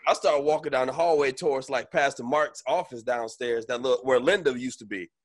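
A man's voice: mid-range voice, brisk. A man in a casual chat over a video call, telling stories with frequent laughter and restarts.

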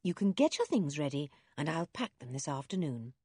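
A kindly storybook mother, fond and gently scolding, as a woman reader puts her on. Her voice is husky and dry, swinging lively in pitch. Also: moderate pace, no echo, exaggerated voice.

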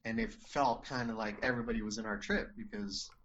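A man's voice: on the low side, fairly even intonation, fairly quick, fairly bright tone, lo-fi sound, slight background noise. Earnest man rambling through a story. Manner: rambling and earnest, many restarts and "you know"s. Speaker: interview guest. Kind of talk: personal storytelling in conversation.

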